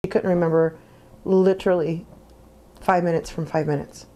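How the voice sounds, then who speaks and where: A woman's voice: lowish voice, fairly even intonation, normal speed, mellow. A woman in a documentary interview, plainly recounting what happened and quoting herself.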